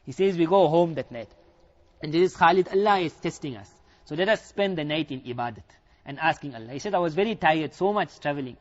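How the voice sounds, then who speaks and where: A man's voice: fairly high pitch, expressive, brisk. A man with a South African accent, preaching and retelling a story full of quoted dialogue. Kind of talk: storytelling sermon. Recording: dull lo-fi recording.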